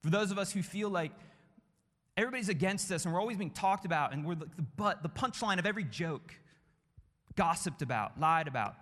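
A man preaching a sermon with passion, building through repeated phrases and dropping to hushed tones. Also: high voice, expressive, fairly quick. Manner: impassioned, rhythmic repetition, drops to hushed tones. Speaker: pastor. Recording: long hall reverb.

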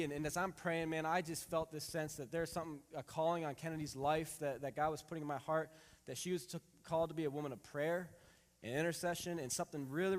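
A man in his thirties preaching a sermon, reading scripture and telling a family story in a lively, animated way. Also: fairly high pitch. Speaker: pastor. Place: church hall. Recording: long hall reverb.

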